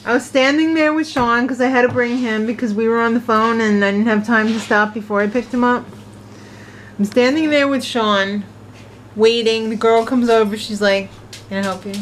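A woman vlogging casually, chatting and telling stories in an animated way. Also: fairly high pitch, normal speed, slight background noise. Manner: chatty, animated storytelling with laughs. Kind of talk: casual vlog chat.

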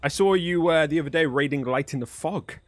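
A young man live-streaming a game, chatting with viewers in an animated, swearing, playful way. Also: on the high side, fairly quick, no room sound. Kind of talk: live stream commentary and chat.

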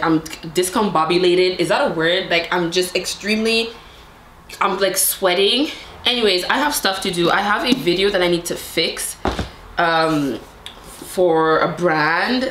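A woman's voice: mid-range voice, fairly bright tone. A young adult woman vlogger chatting to camera, gushing and rambling with many fillers. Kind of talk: casual chat to camera. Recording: echoey room with faint noise.

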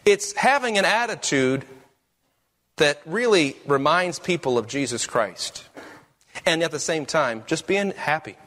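A man's voice: a little high, lively intonation, a little slow, a bit bright. A man preaching a sermon as pastor, with emphatic, rising questions.

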